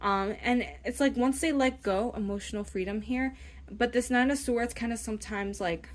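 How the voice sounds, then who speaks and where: A woman's voice: fairly high pitch, normal speed. A young woman giving a casual tarot reading, rambling and chatty, often checking in with "okay?" and acting out imagined inner voices. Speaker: tarot reader.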